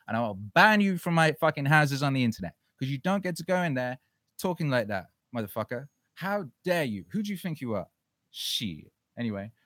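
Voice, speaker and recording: A man's voice: medium pitch, dry recording. A man hosting a casual livestream Q&A, talking in a profane, fired-up ranting way. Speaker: livestream host.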